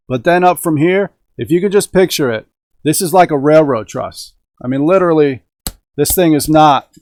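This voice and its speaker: This is a middle-aged man hosting a radio-control hobby stream from inside his home, his pitch fairly high with no echo on the audio. He chats with the audience and the chat in a relaxed, upbeat manner.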